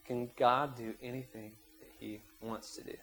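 A man's voice: mid-range voice, level tone, normal speed, low-quality recording. A man preaching a sermon to his church, retelling a scripture story and leading prayer with rising, emphatic passion. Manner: impassioned, rising to loud peaks when voicing prayers and quotes. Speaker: pastor.

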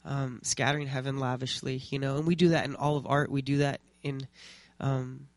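A man giving an informal faith talk to a small group of artists, relaxed and rambling, with many fillers and restarts. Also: mid-range voice, normal speed, no echo.

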